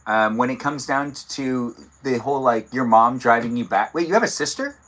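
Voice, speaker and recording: A man's voice: medium pitch, expressive, normal speed, fairly bright tone, rough recording. A man hosting a casual live stream, playful and curious, asking his guests lots of follow-up questions. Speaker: livestream host.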